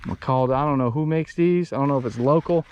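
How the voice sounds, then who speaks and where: A man's voice: mid-range voice, fast, darkish tone, highs cut off, a little hiss or hum. A man, vlogging while fishing from a boat in a marsh, rambling and frustrated as he talks to viewers. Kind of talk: casual outdoor fishing vlog.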